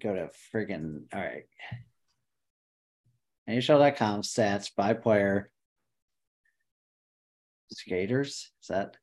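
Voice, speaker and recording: A man co-hosting a casual sports podcast, excitable and swearing, muttering to himself as he searches. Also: fairly low pitch, slow, long pauses. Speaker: podcast co-host. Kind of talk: casual chat.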